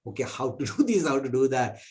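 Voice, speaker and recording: A man teaching a spiritual class, telling a parable in an animated way. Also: a little fast. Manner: animated, pitch jumping between voices.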